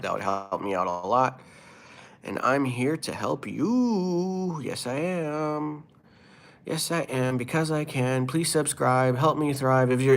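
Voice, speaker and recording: Tired american dude on a livestream, reading chat out loud and begging folks to subscribe. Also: male voice, mid-range voice. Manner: reads out viewer comments and keeps asking for subscribers.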